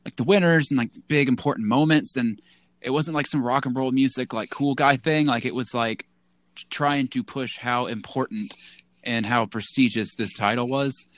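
A man's voice: medium pitch, normal speed, a bit bright, no echo. A man co-hosting a casual podcast, rambling with lots of "like" and restarts. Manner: rambling, full of "like" and restarts, acts out quotes in a goofy voice. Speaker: podcast co-host. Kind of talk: casual chat.

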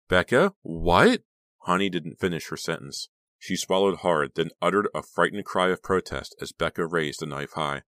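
Deep-voiced male audiobook narrator. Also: a bit bright, no room sound, clean studio sound. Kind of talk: scripted horror audiobook narration.

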